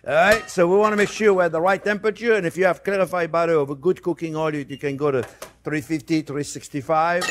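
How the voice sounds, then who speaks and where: A man with a fairly high voice runs a cooking demonstration from his kitchen. He chats and jokes as he goes and keeps calling the viewers his friends, with a pan sizzling faintly behind him. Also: background noise. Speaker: cooking show host, chef.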